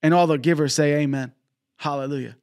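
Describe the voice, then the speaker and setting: A man's voice: a little high, fairly even intonation, a little fast, a little mellow. A traveling male preacher telling a personal story and appealing for donations in a fervent broadcast sermon, often breaking in with praise. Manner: fervent, peppered with exclamations of praise; storytelling with quoted dialogue.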